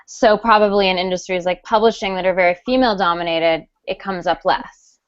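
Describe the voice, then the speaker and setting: A woman guest speaking in a casual live video chat, chatty and animated with frequent ums. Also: on the low side, a little fast, smooth, no echo. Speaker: guest author. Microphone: video call. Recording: dull lo-fi online call audio.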